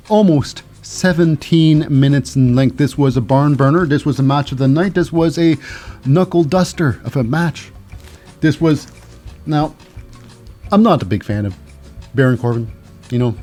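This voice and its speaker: A man's voice: on the high side, measured pace, warm tone, faint music behind. A man hosting a solo podcast, recapping in a rambling, wry way with many restarts. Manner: rambling, restarts, dry asides. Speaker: podcast host.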